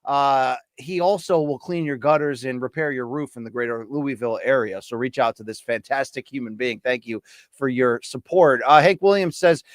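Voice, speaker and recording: A man's voice: medium pitch, normal speed, dry recording, studio quality. A man hosting a casual boxing podcast, chatting loosely and reading listener comments aloud. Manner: lively, reads audience comments aloud. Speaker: podcast host.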